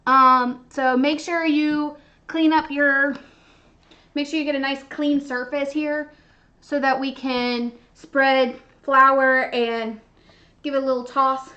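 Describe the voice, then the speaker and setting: In dull, lo-fi stream audio, a young woman hosts a live baking demo from her kitchen, bubbly and chatty with viewers. Her voice sits high, pushed and bright, with a level tone and a slow pace.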